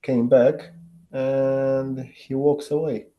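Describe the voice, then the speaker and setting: A man's voice: medium pitch, little pitch movement, very slow, lo-fi sound. A man learning English, describing a picture with hesitation and searching for words over a video call. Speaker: student.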